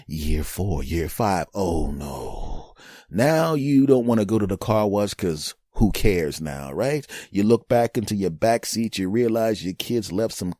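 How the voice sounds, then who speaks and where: Low guy riffing a comedy bit, jumps into silly voices, dead dry sound. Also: measured pace, no echo. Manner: animated, acts out voices and sounds. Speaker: comedian host. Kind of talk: comic monologue.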